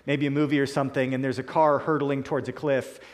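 A man preaching a sermon in a deliberate, emphatic way, slowing down to stress key words. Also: mid-range voice, little pitch movement.

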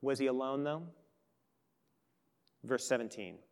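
A pastor preaching a sermon with earnest emphasis that swells and then turns quiet and intimate. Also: male voice, mid-range voice, measured pace, gravelly, clear, resonant tone. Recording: long hall reverb.

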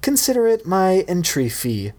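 Confident teen girl voiced by a male reader, cocky and defiant, higher pitch. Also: huge pitch swings, normal speed, warm tone. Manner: cocky, snorting.

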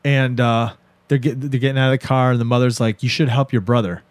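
A man's voice: medium pitch, no echo. A man co-hosting a podcast, casually retelling a movie plot and briefly putting on the characters' voices. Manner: animated retelling with quick quoted character voices. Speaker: podcast co-host recapping a movie. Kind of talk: casual chat.

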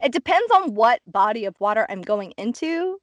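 A woman co-hosting a casual podcast chat, telling stories in an animated way full of fillers. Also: a little high, normal speed, dry recording. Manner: animated storytelling, filler-heavy, laughing. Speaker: podcast co-host.

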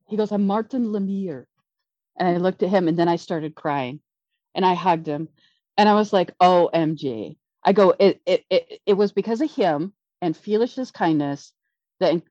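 A middle-aged woman with a fairly low voice tells a long, rambling story and restarts her sentences as she goes. The recording sounds dull, lo-fi and dry. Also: dry recording. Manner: rambling, excitable, many restarts. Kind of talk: casual storytelling.

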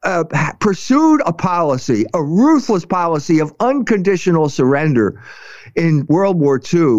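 A man hosting an opinionated commentary chat, talking with passion, halting often and restarting his sentences. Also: sits high, darkish tone, no echo. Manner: impassioned, halting, many restarts. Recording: dry, slightly muffled recording.

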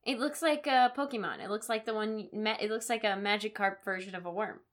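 A woman co-hosting a casual podcast, chiming in with quick jokes. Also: medium pitch, a bit bright. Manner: quick joking interjections. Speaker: podcast co-host. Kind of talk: casual chat.

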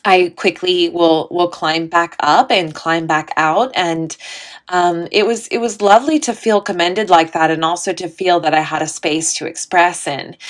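A woman vlogger speaking in a slightly low voice, casual and heartfelt. She talks in an earnest, chatty way, often saying "like" and "um". Her tone stays encouraging and a little self-deprecating. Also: fairly bright tone. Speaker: spiritual vlogger. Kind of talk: casual heartfelt talk to viewers.

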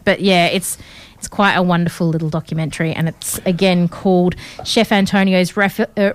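A woman's voice: lowish voice, clear, resonant tone, no room sound. A woman, co-hosting a show in casual, upbeat chat with many fillers. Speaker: radio co-host.

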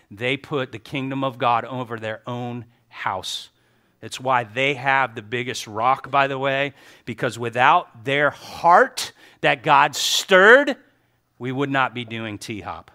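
A middle-aged man preaching to his church, a pastor telling stories in an animated way and quoting people in his own voice. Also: mid-range voice, unhurried. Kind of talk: sermon.

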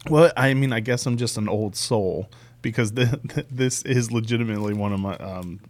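A man with a fairly low voice hosts a casual podcast chat. He jokes around and laughs often as he talks. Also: moderate pace, no echo.

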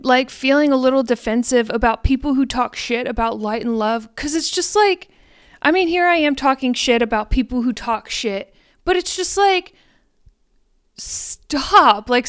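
A young woman with a high, smooth voice talks slowly through a spiritual podcast monologue. She is frank and profane, and keeps questioning herself as she rambles. The sound is close and dry. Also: animated, dry recording. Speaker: podcast host.

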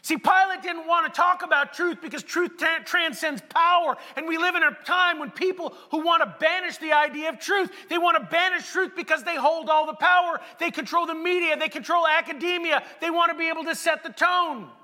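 Brief: male pastor, very high voice, conversational sermon rising to shouts, echoey hall recording. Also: steady tone, brisk, hardly any pauses. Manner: conversational, building to emphatic shouts. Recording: echoey hall with long reverb.

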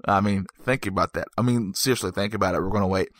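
A man's voice: low-pitched, fast talker, a bit bright, no room sound, studio quality. A man reviewing a movie in a casual, joking monologue, rambling and correcting himself as he goes.

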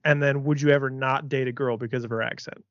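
Man, podcast host, blunt and joking, mid-pitched, dry muffled sound. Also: fairly even intonation, rapid-fire, no echo. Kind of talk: casual podcast chat.

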